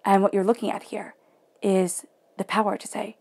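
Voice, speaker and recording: A woman giving a guided tarot reading in a soft, emotional way, often dropping into near-whispers. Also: medium pitch, flat delivery, moderate pace, vocal fry, breathy edge. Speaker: tarot reader.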